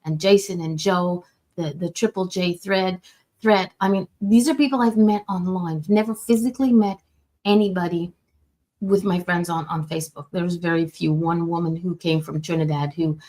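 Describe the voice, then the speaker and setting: A woman's voice: on the low side, steady tone, normal speed, warm tone. A woman from Quebec hosting a casual chat, chatty and joking, laughing often. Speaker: host.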